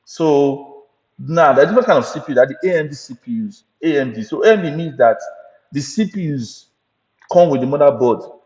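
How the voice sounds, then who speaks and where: A man's voice: on the high side, animated, fairly quick, darkish tone. A man teaching an IT certification lesson, repeating points and often checking in with "right?" and "you understand?". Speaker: IT certification instructor. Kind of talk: recorded training lecture. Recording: muffled audio with long hall reverb.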